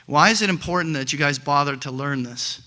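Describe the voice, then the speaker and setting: A middle-aged man teaching options trading, telling animated stories with many fillers and restarts. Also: fairly high pitch, fairly quick. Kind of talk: lecture with acted examples.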